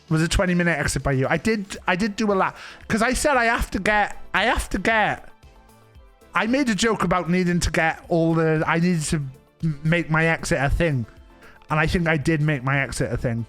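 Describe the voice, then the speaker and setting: Chatty, slightly high-voiced male streamer. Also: brisk, fairly bright tone, faint music behind. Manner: rambling, laughing, self-interrupting anecdotes. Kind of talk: casual live-stream chat, storytelling.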